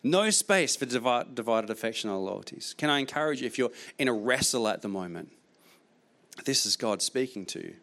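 A man's voice: mid-range voice, lively intonation, fairly quick, fairly bright tone. A man preaching a sermon as pastor, repeating key phrases emphatically, with frequent restarts.

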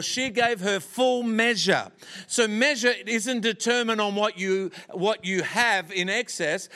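A man preaching a sermon as a visiting pastor, delivering lines slowly and with emphatic pauses. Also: high voice, pushed and bright. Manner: preaching with slow emphatic pauses and acted-out story voices. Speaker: guest pastor.

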